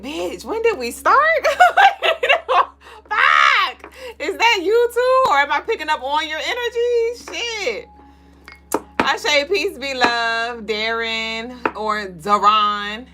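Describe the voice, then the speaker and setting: A woman's voice: on the high side, expressive, normal speed, noisy background. A young woman hosting a spiritual livestream, reading out viewer comments and greeting people by name in loose, playful chat, swearing freely and laughing often.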